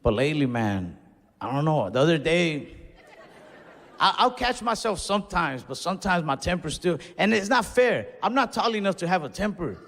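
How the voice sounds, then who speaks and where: A man's voice: fairly high pitch, expressive, normal speed, vocal fry, a bit bright, a little hiss or hum. A young man performing stand-up, telling casual, conversational stories with Spanish asides. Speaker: stand-up comedian. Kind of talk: stand-up routine. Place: comedy club stage before a laughing audience. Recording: live stage mic with long hall reverb.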